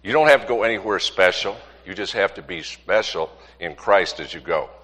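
Brief: low, bright male pastor, emphatic rhetorical preaching, reverberant hall. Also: moderate pace, a little hiss or hum. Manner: rhetorical questions, emphatic repetition. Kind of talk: sermon with congregation.

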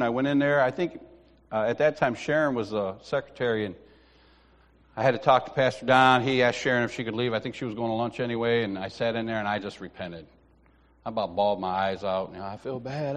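Guy telling a story from the pulpit, acts out all the voices, echoey sanctuary. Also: medium pitch. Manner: animated storyteller, acts out dialogue, laughs at himself. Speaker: lay preacher. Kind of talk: sermon with personal storytelling. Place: church sanctuary. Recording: long hall reverb.

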